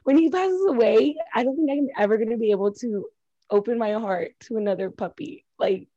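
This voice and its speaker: A woman's voice: fairly high pitch, fairly quick, dry recording, muffled recording. A woman of Mexican heritage co-hosting a podcast, chatting candidly and with profanity. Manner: candid, profane, animated storytelling. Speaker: podcast co-host. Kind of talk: casual chat.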